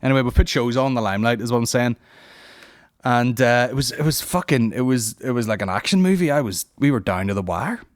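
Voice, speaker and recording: A man's voice: mid-range voice, animated, a little fast, dry recording, clean studio sound. A young man hosting a comedy podcast, rambling and swearing in a casual monologue. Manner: rambling, profane, puts on silly voices.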